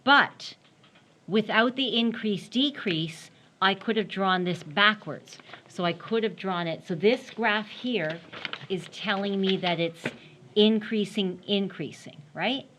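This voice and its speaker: A woman's voice: mid-range voice, takes it slowly, bright, forceful tone, a little hiss or hum. A woman math teacher giving a classroom lecture, explaining step by step while she draws and often checking in with "right?".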